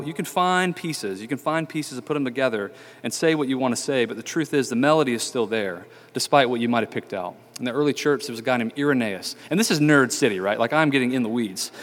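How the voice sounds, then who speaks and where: Male pastor, chatty sermon delivery, lots of ums, echoing church hall. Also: mid-range voice. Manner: conversational, many fillers and restarts. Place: church sanctuary.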